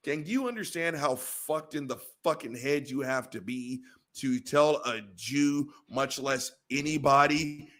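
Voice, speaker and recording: A man's voice: mid-range voice, unhurried, fairly bright tone. A man hosting a reaction stream, ranting heatedly and swearing constantly as he comments on a debate clip. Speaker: show host.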